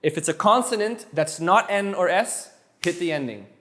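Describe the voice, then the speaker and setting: A high-pitched man who grew up speaking French teaches Spanish one-on-one. He talks in an animated, playful way, often repeating words and tossing in jokes. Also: moderate pace. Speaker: Spanish tutor. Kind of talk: energetic one-on-one language lesson.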